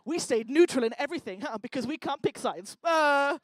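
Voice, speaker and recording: A woman's voice: sits high, expressive, normal speed, no echo. Teasing woman hosting an event. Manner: teasing, joking, chatty. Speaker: event host. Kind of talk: stand-up style crowd work. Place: lecture hall stage.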